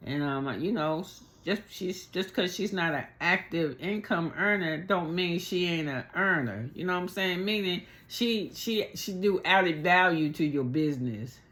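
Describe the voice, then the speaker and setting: A woman vlogger recapping a reality show in casual, profane storytelling, animated and chatty, acting out what people said. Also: on the low side, unhurried, hardly any pauses. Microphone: on camera, speaking to viewers.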